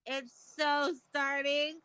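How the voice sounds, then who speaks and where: Taking it slowly, a middle-aged woman with a high, level, sharp-toned voice chats as a guest caller on a live stream's video call, captured on a dry recording. She's a rambling storyteller who laughs a lot and swears casually.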